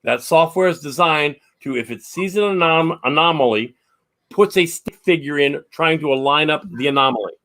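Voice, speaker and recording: A man with a somewhat high voice chats on a podcast as a paranormal investigator guest. He tells his stories with animation and acts out the quotes. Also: normal speed, a bit bright. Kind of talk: casual podcast chat.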